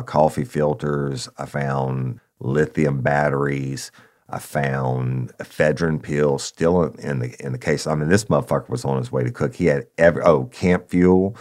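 Speaking directly to his audience as "y'all," this podcast storyteller and ex-cop spins a tale in a blunt, casual, profane way. His voice is extremely deep with a darkish tone.

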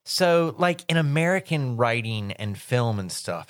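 A man's voice: mid-range voice, lively intonation, unhurried, hardly any pauses, no echo, clean studio sound. Easygoing man musing on a podcast. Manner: easygoing, musing, jokey asides. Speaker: podcast co-host. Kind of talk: casual book discussion.

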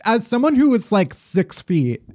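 Animated, wry woman podcast co-host. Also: on the high side, measured pace. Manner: wry, profane storyteller. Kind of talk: casual chat.

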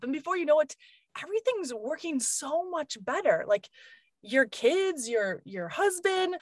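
A woman in her thirties talks in a bright, high voice that leaps all over its range. She chats animatedly, slips into quick impressions of others and laughs a lot, recorded close and dry. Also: dry recording. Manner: animated, acts out quoted voices, laughs often. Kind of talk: casual chat.

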